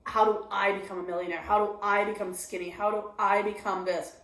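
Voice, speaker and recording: A woman's voice: medium pitch, fairly quick. Confessional woman comedian, echoey room. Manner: confessional, animated, acts out her own inner voice. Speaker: stand-up comedian guest. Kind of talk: candid interview conversation.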